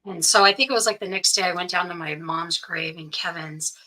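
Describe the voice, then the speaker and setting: A woman, a guest in an interview, telling a personal story and acting out the voices of the people in it, often dropping to a hush. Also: fairly low pitch, steady tone, a little fast, low-quality recording. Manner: acts out quoted voices, often drops to hushed tones.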